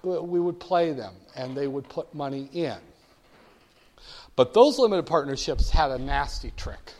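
An older man with a fairly high voice tells stories to an audience. His delivery is animated and emphatic, with a wry edge, and he sometimes gets the crowd to repeat words back to him. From northern United States. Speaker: speaker addressing an audience. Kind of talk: storytelling talk.

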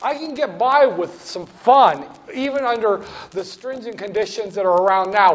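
A man giving a classroom lecture on finance, wry and storytelling, with asides to the class. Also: sits high.

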